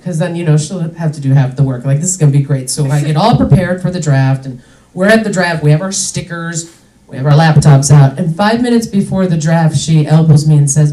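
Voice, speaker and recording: A woman's voice: low voice, fairly quick, warm tone, echoey room, recorded from a distance, rough recording. A young adult woman doing a stand-up comedy set on a club stage, chatty and indignant, with lots of "like" fillers.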